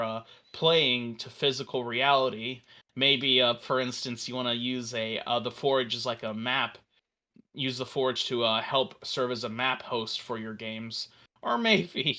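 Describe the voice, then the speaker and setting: Bright, eager man demoing software. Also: medium pitch. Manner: enthusiastic, rambling with fillers and restarts. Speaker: developer demoing a virtual tabletop. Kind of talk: casual live stream demo.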